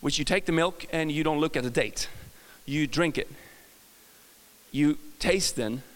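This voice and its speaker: A man's voice: a little high, a little slow, in a large hall, slight background noise. A man with a Swedish accent preaching a casual, joking sermon, often restarting his sentences and talking to the audience. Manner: chatty, self-correcting, jokes with the audience.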